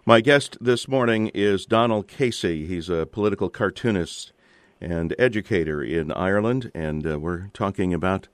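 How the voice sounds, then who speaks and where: A man with a low voice hosting a public radio call-in show, recorded close and dry in a studio. He speaks in a relaxed way, with plenty of fillers and restarts as he reads out station details and introduces his guest and callers. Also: moderate pace, no room sound. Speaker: radio talk show host.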